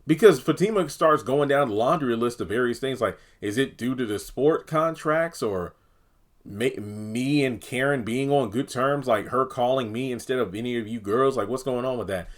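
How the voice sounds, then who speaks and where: Speaking at a moderate pace in a mid-range voice, this man runs his own TV review channel. His solo review talk is casual and exasperated, wandering along and now and then slipping into characters' lines.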